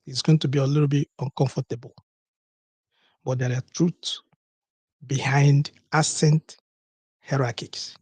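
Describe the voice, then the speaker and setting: Male call-in host, husky, dry close mic, emphatic and rhetorical. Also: medium pitch, little pitch movement, unhurried, pauses often, a little mellow, no echo. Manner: emphatic, repeats key words, asks rhetorical questions. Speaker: podcast host. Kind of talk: call-in show monologue.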